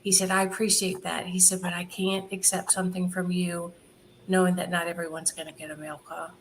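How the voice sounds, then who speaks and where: A woman with a somewhat low voice tells a story in an interview. She is animated and laughs easily, and she often slips into quoting other people. Faint noise sits behind her voice. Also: a little fast. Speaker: charity founder guest.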